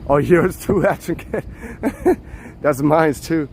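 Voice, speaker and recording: A man live-streaming as he walks a city street outdoors, chatting to viewers in a relaxed way and laughing often, on a handheld phone. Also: a little high, a little slow, a little hiss or hum. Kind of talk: walking live-stream chat.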